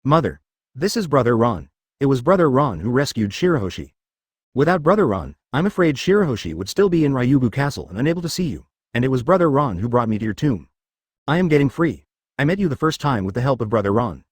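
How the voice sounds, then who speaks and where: A man reading as a gentle young mermaid princess. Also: mid-range voice, very animated, fast talker, slightly rough, no room sound, studio quality. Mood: grateful.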